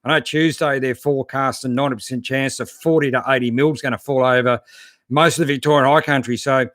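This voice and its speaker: With a medium-pitched, slightly bright voice and fairly even intonation, this Aussie 4WD host chats fairly quickly through viewer comments on his casual live stream. He's laid-back and matey, leaning on fillers, and the recording is dry and studio quality.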